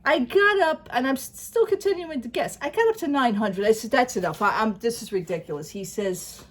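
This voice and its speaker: A woman with a slightly high, animated, brisk voice chats to her channel as a vlogger. She tells a long tale, voicing both sides of the conversation, and frequently laughs.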